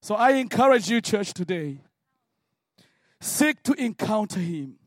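A man from Africa preaching a sermon and telling his own story, swinging from hushed words to shouted prayer. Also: sits high, animated, unhurried, no room sound, clean studio sound. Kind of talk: sermon testimony.

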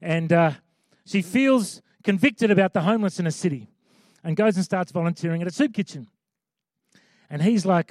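Male pastor, high voice, chatty sermon, emphatic repetition, dry close sound. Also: normal speed, long pauses, a little mellow, dry recording. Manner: conversational preaching with emphatic repeated lines.

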